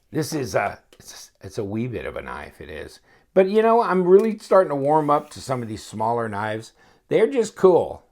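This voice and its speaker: Gravelly, rambling man unboxing a knife. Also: fairly high pitch. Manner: rambling and chatty, thinking aloud; wry, joking asides. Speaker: knife reviewer. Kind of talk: casual unboxing chat. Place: home, at his inspection table.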